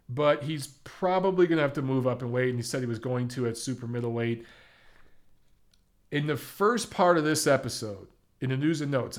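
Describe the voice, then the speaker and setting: Young dude ranting about boxing, blunt and opinionated, cusses a bit, regular mid voice. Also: male voice, medium pitch. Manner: blunt, opinionated, curses freely. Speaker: boxing commentator. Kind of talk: casual commentary.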